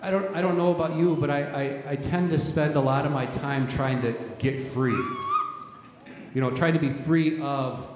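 A man's voice: on the high side, fairly even intonation, normal speed, background noise. A man preaching a sermon as pastor, emphatic and repetitive, often restarting his words. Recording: echoey hall, strong reverb.

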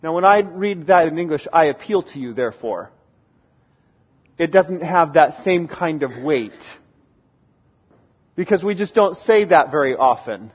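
Man, sermon, husky, earnest pleading emphasis, dull lo-fi sound. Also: fairly high pitch, animated, measured pace, long pauses. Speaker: pastor.

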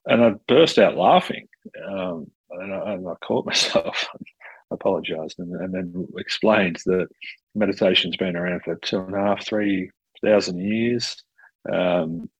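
A man hosting a casual conversation, animated and quick to act out dialogue, often restarting his sentences. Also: low-pitched, no echo, muffled recording. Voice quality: gravelly, husky. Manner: animated, self-interrupting, acts out quoted dialogue, swears casually.

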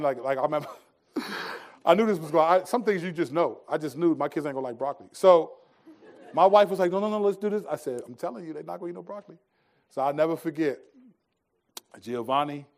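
A middle-aged man delivers a sermon in a voice pitched a little high for a man. He moves between relaxed storytelling, soft hushed scripture lines and emphatic, rising questions. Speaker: pastor.

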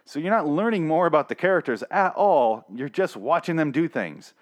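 A man's voice: on the high side, lively intonation, moderate pace. A young man reviewing a TV episode in a casual, profane, sarcastic rant, full of exasperated complaints.

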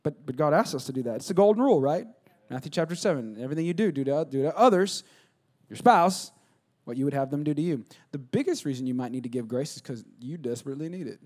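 A man preaching from the pulpit with a fairly high voice. He swings between loud, emphatic bursts and low, hushed asides. He acts out both sides of conversations as he teaches. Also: animated, fast. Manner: acts out conversations, asking and answering himself. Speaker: pastor. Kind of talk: sermon.

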